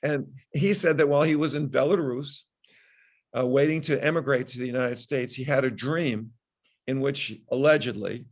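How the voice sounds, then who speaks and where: An older man, a physician guest on an interview podcast, telling a long story in a measured way with frequent restarts. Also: mid-range voice.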